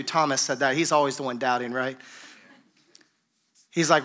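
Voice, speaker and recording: A man's voice: fairly high pitch, normal speed, pushed and bright. A man preaching a sermon in a casual, conversational way, acting out the dialogue of a scripture story. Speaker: pastor. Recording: music playing behind.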